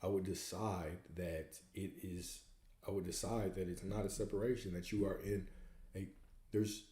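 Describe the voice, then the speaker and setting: A man's voice: low-pitched, steady tone, normal speed, warm tone. Preachy man in an echoey room. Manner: preachy, repeats rhetorical questions. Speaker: host answering viewer questions. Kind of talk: livestream Q&A coaching talk.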